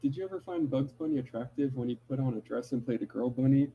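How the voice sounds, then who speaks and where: A man co-hosting a livestream, chatting in a relaxed, low-key way with dry humor. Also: fast, vocal fry, narrow, tinny audio, slight background noise. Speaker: livestream co-host. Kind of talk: casual chat.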